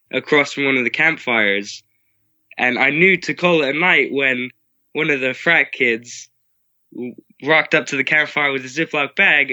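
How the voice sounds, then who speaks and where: Very bright young man telling a story. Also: medium pitch, no echo. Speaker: son recounting the trip. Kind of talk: casual storytelling.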